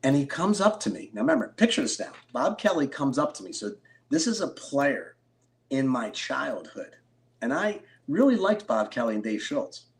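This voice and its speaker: A middle-aged man from Philadelphia, a card collector and interview guest, telling stories with excited bursts. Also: mid-range voice, normal speed. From Philadelphia, USA. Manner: animated storyteller, excitable bursts. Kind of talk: storytelling interview.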